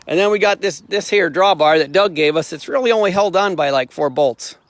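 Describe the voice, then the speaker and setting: A man's voice: high-pitched, brisk, dry recording. A middle-aged man hosting a casual walkaround, telling a rambling, plain-spoken story in a folksy way. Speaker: host, tractor dealer.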